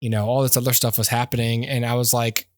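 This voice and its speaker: A man's voice: mid-range voice, flat delivery, quick pace, dry recording, clean studio sound. A man, a podcast co-host, in casual chat, rambling through a story with restarts and frequent laughter.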